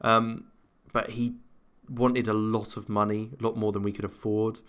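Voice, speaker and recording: A man casually commentating his own football management game, chatting to himself, laughing often and breaking into loud cheers. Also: fairly low pitch, moderate pace, clean tone. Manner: excitable, jumps to loud cheers at goals. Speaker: gaming commentator. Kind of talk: casual let's-play commentary.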